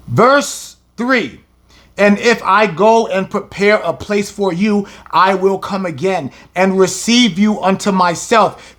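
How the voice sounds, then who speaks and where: Fiery high-voiced man preaching. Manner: fiery, shouting at peaks, voice breaking. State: voice breaking up. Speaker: religious teacher. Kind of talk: impassioned scripture lesson.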